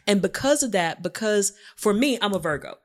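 A woman co-hosting a podcast tells a personal story in a casual, informal conversation, acting out her own thoughts along the way. Her mid-range voice is expressive and she talks a little fast.

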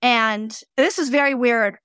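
Guest medium, female, higher-pitched, dry recording; vivid anecdotal teller who swears casually. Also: unhurried, smooth, no echo. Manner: lively anecdotes, acts out quoted voices, swears casually. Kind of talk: casual storytelling.

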